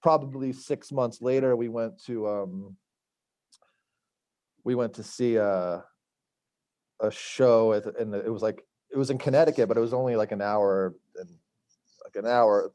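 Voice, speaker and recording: A man's voice: lowish voice, unhurried, pauses often, warm tone, no room sound. A middle-aged man from Long Island, telling stories as a guest, rambling with many fillers and acted-out quotes. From Long Island, New York. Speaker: chef and podcast guest. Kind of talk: casual storytelling interview.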